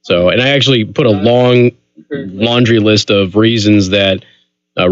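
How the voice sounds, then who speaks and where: A man's voice: fairly low pitch, no echo, lo-fi sound. A man hosting a talk radio show, taking calls and joking in a wry, casual way. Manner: wry, joking banter with co-host.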